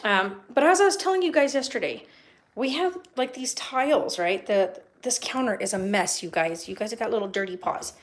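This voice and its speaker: A woman's voice: mid-range voice, animated, moderate pace. A young woman chatting casually and rambling a bit as she films a tour of her house and talks to her cats in baby talk. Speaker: vlogger touring her home. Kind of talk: casual home tour vlog. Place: house, indoors and yard.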